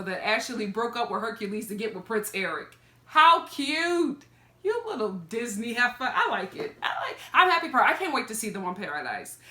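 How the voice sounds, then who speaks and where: A woman's voice: medium pitch, bright, forceful tone, reverberant. A woman vlogger giving a chatty, sassy review of a reality TV episode, laughing and throwing in asides. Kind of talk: casual gossipy commentary.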